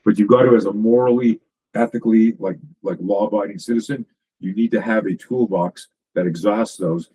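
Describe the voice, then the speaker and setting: A self-defense coach in a podcast chat, a man with a husky, fairly low voice. He talks emphatically and swears freely, tumbling from one story to the next with quick restarts. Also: mellow, low-quality recording. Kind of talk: casual podcast conversation.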